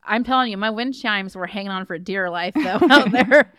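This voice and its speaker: Giggly, swearing woman co-host, smooth voice. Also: mid-range voice, moderate pace, a bit bright, dry recording, clean studio sound. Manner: laughing, chatty, swears freely. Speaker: podcast co-host. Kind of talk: casual chat.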